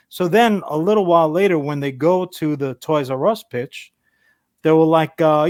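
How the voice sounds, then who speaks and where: Male co-host, profane rambling storyteller, a bit high-pitched, dry recording. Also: normal speed, no echo. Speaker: podcast co-host. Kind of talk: casual chat.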